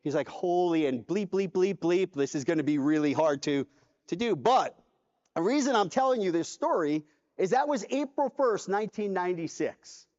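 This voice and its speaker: On a conference stage in a large convention hall, an animated man delivers a storytelling keynote, acting out the dialogue. His voice is high and his pace moderate, with dull hall reverb on the recording.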